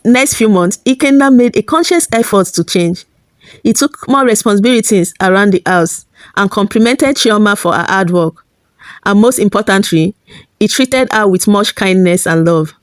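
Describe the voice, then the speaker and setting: A woman narrating a family folktale as host of her storytelling channel, steady and plain, with small slips. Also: mid-range voice, dry recording.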